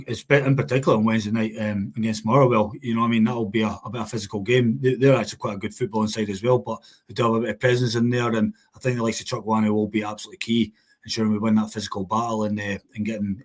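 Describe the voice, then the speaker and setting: A man co-hosting a football podcast, talking quickly with lots of "you know what I mean". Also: fairly low pitch, little pitch movement. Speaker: podcast co-host. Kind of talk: casual football podcast chat.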